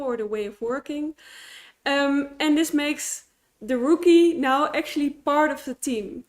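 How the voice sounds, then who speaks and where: A woman giving a conference talk at a tech meetup, explaining with frequent false starts and fillers. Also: high-pitched. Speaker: conference speaker. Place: meetup presentation venue.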